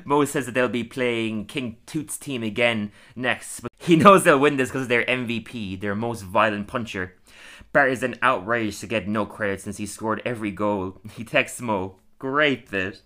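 A man's voice: medium pitch, moderate pace, pushed and bright. Chatty young man recapping an episode. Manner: chatty, laughs often, acts out quoted lines. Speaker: podcast co-host. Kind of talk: casual review chat.

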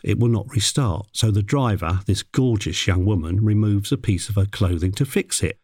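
A man with a slightly mellow voice, recorded without echo, narrates a personal anecdote from his job as an animal handler in a dry, wry way, putting on a high voice to mimic a parrot.

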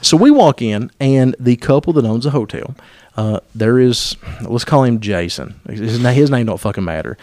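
Profane podcast host telling stories. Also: male voice, mid-range voice, animated, normal speed, darkish tone, no room sound. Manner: profane, self-interrupting, laughing at himself. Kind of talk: comic storytelling.

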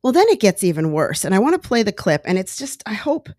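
A woman hosting a casual talk show, chatting in a digressive, animated way as she retells an old clip. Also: medium pitch, fast, dry recording, clean studio sound. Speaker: podcast host. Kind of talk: casual monologue commentary.

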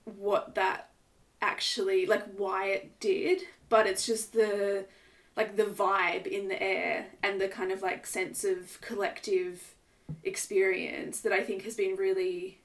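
A woman co-hosts a relaxed podcast conversation, thinking aloud and hunting for the right words. Her voice sits a little back from the microphone. Her pitch is ordinary and middling. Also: slow pace, recorded from a distance. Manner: reflective, searching for words. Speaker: podcast co-host. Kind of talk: casual chat.

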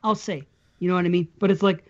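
A man's voice: high-pitched, steady tone, fast talker. A man hosting a casual podcast chat, easygoing and rambling, laughing often as he tells his stories. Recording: slightly muffled audio.

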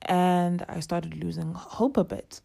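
A young woman telling a personal story in a casual, animated way, acting out what people said. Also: fairly low pitch, slow, vocal fry, husky. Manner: animated, acts out quoted dialogue, laughs often.

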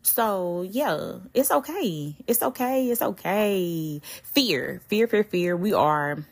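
A woman's voice: lowish voice, slow pace, creaky. A young adult woman hosting her own podcast. She talks candidly in slang, curses often and speaks straight to her listeners. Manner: candid, slangy and animated, with frequent cursing. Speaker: podcast host. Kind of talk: casual solo podcast talk.

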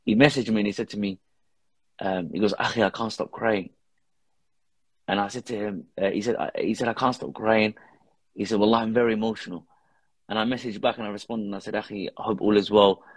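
Guy with a low husky voice telling a heartfelt story, lots of arabic phrases, dry close mic. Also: fairly even intonation, quick pace, dry recording. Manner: earnest storytelling, sprinkled with Arabic religious phrases. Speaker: guest, father who posts videos with his daughter. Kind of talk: casual podcast conversation.

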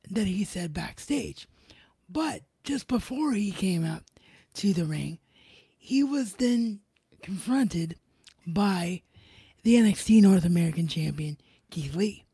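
A woman's voice: mid-range voice, dark tone, breathy edge, no room sound. A woman giving a casual recap of a wrestling show, retelling what was said in her own voice.

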